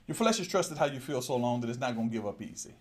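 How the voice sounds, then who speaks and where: A man preaching a sermon, addressing the congregation directly and repeating his phrases. He swings between low murmurs and loud exclamations. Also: lively intonation, fast talker.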